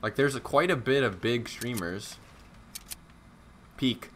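A young man with a mid-range voice livestreams a shooter game, giving casual, slangy commentary at a moderate pace over a little hiss or hum. He chats with viewers, mocks himself, and gets excited and worked up when things turn tense.

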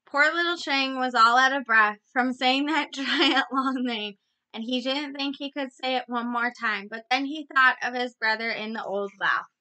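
Bright, high-voiced woman reading a story. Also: moderate pace, clean tone, rough recording. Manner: gentle storytelling with soft sighs.

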